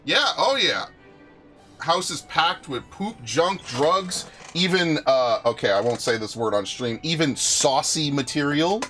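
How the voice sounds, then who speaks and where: A young man chats casually while streaming a game, swearing freely as he tells stories. His voice sits slightly high and swings widely in pitch, with soft music playing behind him. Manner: animated, profane storytelling.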